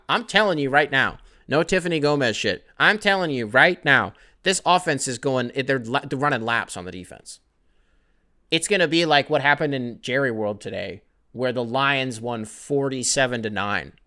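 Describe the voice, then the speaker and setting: A young man talks through his own podcast alone, wandering from topic to topic in a casual, profane ramble. His voice is bright and forward, sitting at an ordinary male pitch, and he drifts into self-deprecating asides. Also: animated, moderate pace. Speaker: podcast host. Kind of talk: solo casual podcast rant.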